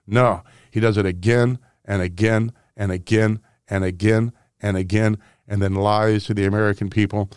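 Sarcastic older man, radio talk host from St. Louis; smooth, clean studio voice, dry sound with faint music under it. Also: lowish voice, moderate pace, no echo. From St. Louis, Missouri. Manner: combative, sarcastic, mocking impressions. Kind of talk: political talk radio monologue.

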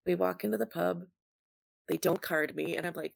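Young woman, early 20s, very gravelly low-ish voice, dry sound, chatty storyteller. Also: moderate pace, dry recording. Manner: chatty, lots of "like", acts out quotes. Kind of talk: casual storytelling.

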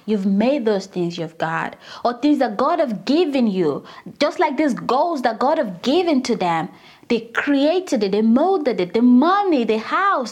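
A woman leading a casual Bible study, retelling scripture with animated, indignant asides. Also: high-pitched.

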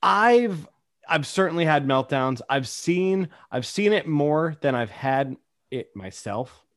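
A man's voice: a little high, slow, no room sound, clean studio sound. A young man in casual chat as a podcast co-host, telling stories animatedly and acting out quotes. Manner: animated storyteller, acts out quotes.

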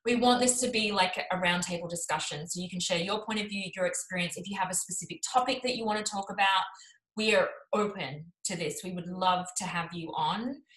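A woman's voice: lowish voice, fairly quick, a bit bright, reverberant, low-quality recording. A woman co-hosting a casual live chat, upbeat and chatty with many fillers. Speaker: co-host.

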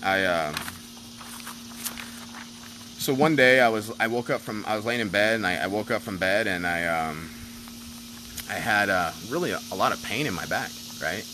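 A man casually telling a personal story, animated and profane, rambling with lots of fillers. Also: fairly low pitch, moderate pace, long pauses, noisy background.

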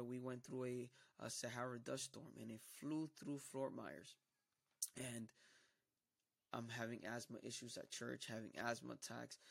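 A man with a gravelly voice gives a personal testimony in church. He tells it emphatically and acts out what others said to him. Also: mid-range voice. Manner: emphatic storytelling, acting out quoted dialogue. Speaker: church member giving a testimony.

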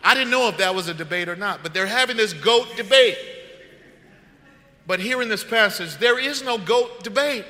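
Animated and at a moderate pace, a high-voiced, bright-sounding male pastor delivers a sermon in the church sanctuary. His preaching is conversational, with questions directed at the congregation, and the hall's long reverb rings around him.

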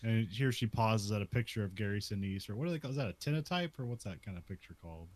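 A man's voice: fairly low pitch, lively intonation, quick pace. A man casually recapping a western movie scene by scene, laughing often and filling his talk with "like". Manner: laughs often, many "like" fillers.

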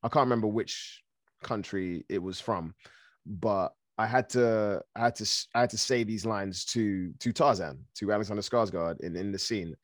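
A man from Africa, an actor guest, telling stories in a lively, casual way, laughing often and swearing now and then. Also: lowish voice, moderate pace, no echo, clean studio sound. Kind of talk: casual storytelling.

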